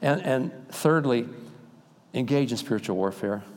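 An older man preaching a sermon as pastor, swinging between loud emphatic peaks and quiet, intimate asides, then leading a prayer in a church sanctuary. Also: mid-range voice, animated, unhurried, noisy background. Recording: long reverb in a large hall.

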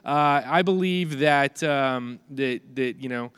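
Man, stuffy nose, casual sermon, middle pitch, dry sound. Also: slow, a bit bright, clean tone, no echo. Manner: casual, chatty, many fillers and restarts. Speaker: pastor. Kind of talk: conversational sermon.

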